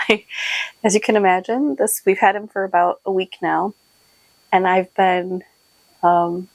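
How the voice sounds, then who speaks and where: A woman's voice: mid-range voice, fairly even intonation, unhurried, no room sound, poor audio. A woman hosting her own podcast, chatting casually and rambling a little, short on sleep. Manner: chatty and rambling, with many fillers and laughs. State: sleep-deprived. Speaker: podcast host and shop owner. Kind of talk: casual chat to camera.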